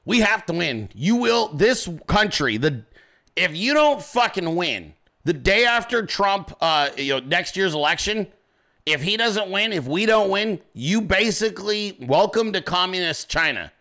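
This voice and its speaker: A male host tears into his topic in an angry, swearing rant. His voice is high and bright with a sharp edge, and it climbs further when he shouts questions at his listeners. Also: animated, unhurried. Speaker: podcast host. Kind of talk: political commentary rant.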